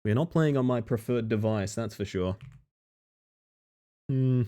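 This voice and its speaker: A man's voice: medium pitch, a little slow, mellow. A man live-streaming a game, chatting casually and dryly to his viewers with self-mocking asides. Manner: dry, self-mocking, talks to chat.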